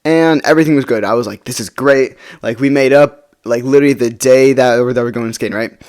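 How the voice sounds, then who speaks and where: In a casual vlog, a young man rambles through a personal story at a quick pace, his mid-range voice a little mellow and clean. He fills his talk with fillers and keeps checking in with the listener by asking "right?"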